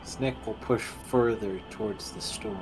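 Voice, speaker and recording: Low-voiced young man playing a tabletop game. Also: fairly even intonation, measured pace, over music, low-quality recording. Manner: brief, offhand replies. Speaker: player. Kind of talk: casual tabletop play.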